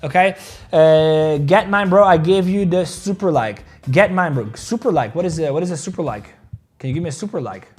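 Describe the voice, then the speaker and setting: A man's voice: fairly high pitch, lively intonation, a little fast, husky. A man hosting a crypto trading livestream, rambling casually, swearing freely and joking with viewers about their likes. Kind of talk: casual livestream chat, reading viewer comments.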